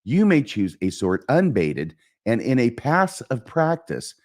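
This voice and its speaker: A man's voice: medium pitch, big pitch swings, measured pace, a little mellow. A man reading a scheming king's verse lines aloud in a plain reading voice. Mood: persuasive. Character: scheming middle-aged male king, persuasive.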